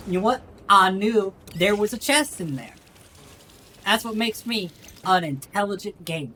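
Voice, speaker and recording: A woman's voice: medium pitch, lively intonation, moderate pace, pushed and bright, a little hiss or hum. Woman putting on a bragging fake Southern drawl. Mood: boastful. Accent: exaggerated fake Southern US. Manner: swaggering, drawling, self-praising. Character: boastful hick Southern gamer woman. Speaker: streamer.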